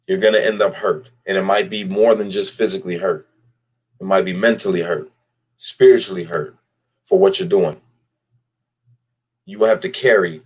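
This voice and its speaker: A man's voice: fairly low pitch, darkish tone, slightly rough. Blunt, profane man lecturing on camera. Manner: blunt, profane, speaks straight to the person he criticizes; repeats phrases for emphasis. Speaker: vlogger. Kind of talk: direct-address commentary rant.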